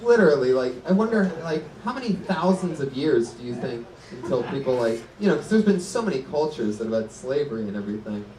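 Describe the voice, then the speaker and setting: Laughing male comedy host in a loud live room. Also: mid-range voice, sing-song, fast. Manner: teasing, laughing between questions. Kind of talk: live comedy podcast interview. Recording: echoey live venue, mic far, loud crowd.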